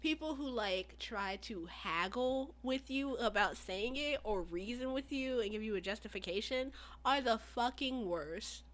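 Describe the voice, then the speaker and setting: A woman's voice: a little high, lively intonation, measured pace, few pauses. A woman in a casual podcast chat who speaks bluntly and swears freely. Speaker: podcast co-host.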